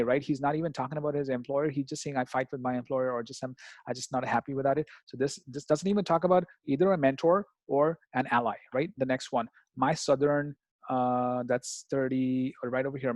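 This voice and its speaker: A man's voice: medium pitch, a little mellow, dry recording. A man tutoring students through test answers in a casual walkthrough, often checking in with "right?" and "okay?". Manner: hesitant, many fillers and restarts.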